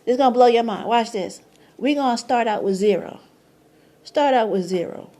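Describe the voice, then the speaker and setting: High-voiced, excitable woman. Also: normal speed. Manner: excitable, slangy, swears, laughs often, repeats "okay?"; rises to high squeals of surprise. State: tired, sleepy at times. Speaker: numerology vlogger. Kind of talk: casual explainer monologue.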